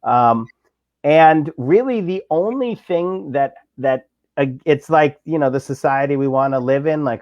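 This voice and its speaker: A man's voice: mid-range voice, animated, unhurried, a little mellow, no echo. A man from Pittsburgh, a labor reporter on a political talk show, speaking with passion and sarcasm, with many fillers and restarts. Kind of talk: casual political chat. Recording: dull, lo-fi dry sound.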